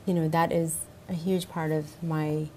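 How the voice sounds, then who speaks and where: Middle-aged woman medium, lowish voice, eager warm chat, repeats herself, light hiss. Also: level tone, a little slow. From United States. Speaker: spirit medium guest. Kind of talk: casual interview chat.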